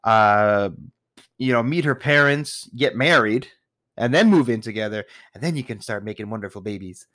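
A man's voice: medium pitch, moderate pace, a bit bright, no room sound. Rambling man telling dating stories, dry sound. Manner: rambling, with repeated restarts and laughs; swears casually. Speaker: storyteller. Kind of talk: casual storytelling monologue.

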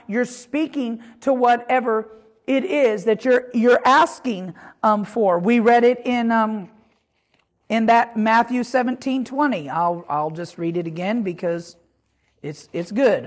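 A woman's voice: on the high side, normal speed. A woman teaching a Bible lesson on prayer in a conversational way, with frequent asides and fillers.

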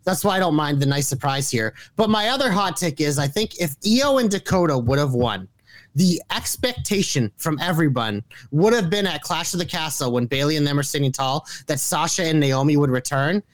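Male podcast co-host, high-pitched, lively and profane, ribbing his partner. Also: normal speed, dry recording. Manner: animated, profane, teasing banter. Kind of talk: casual chat.

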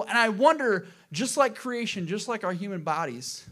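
Pastor guy preaching to his church, kinda high voice, gets loud then drops real soft, keeps asking the crowd questions. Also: expressive, normal speed. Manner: dynamic preacher, swings from loud emphatic to soft and low; asks the congregation rhetorical questions. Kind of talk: sermon.

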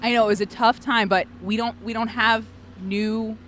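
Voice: medium pitch, steady tone, normal speed, fairly bright tone, lightly acted. An improv performer playing a worried circus manager who speaks in an apologetic way.

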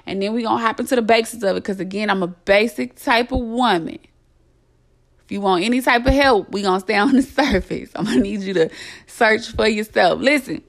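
A woman's voice: mid-range voice, fairly quick. A young adult woman hosting a podcast, delivering a blunt, impassioned monologue full of swearing and emphatic repetition. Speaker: podcast host.

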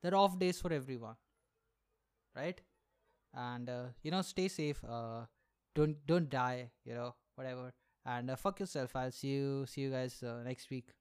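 A man's voice: medium pitch, steady tone, moderate pace, clean tone. A man hosting a solo podcast, rambling profanely with lots of fillers. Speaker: podcast host. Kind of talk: casual solo podcast rant.

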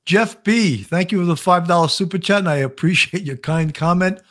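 A man with a Long Island accent hosts a casual live-stream chat. His voice sits a little high, and he tells stories with a joking, animated manner, slipping into put-on voices. His talk is loose and chatty. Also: normal speed. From Long Island, New York. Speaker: show host.

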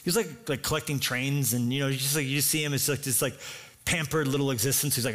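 A man's voice: medium pitch, steady tone, fast, fairly bright tone. A man preaching a sermon as pastor, telling the story with energy and acting out the voices himself.

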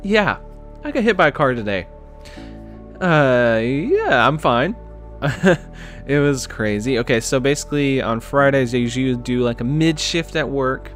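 A man's voice: mid-range voice, expressive, a little slow, a bit bright, soft background music. A man hosting a podcast, telling a personal story in a casual, chatty way with many fillers and restarts. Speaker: podcast host.

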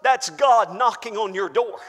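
A man preaching a sermon to his congregation, emphatic, rising to shouts and dropping to hushed asides, calling out to the room. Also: sits high, measured pace. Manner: calls out to the congregation. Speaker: pastor. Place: church. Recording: long church-hall reverb.

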